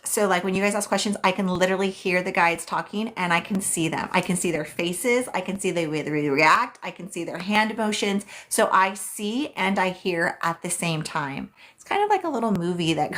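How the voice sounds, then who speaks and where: A woman with a fairly low voice hosts a casual live stream as a psychic reader. She chats quickly and loosely, full of "um"s and "like"s, and reads her viewers' questions aloud before answering them. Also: a bit bright.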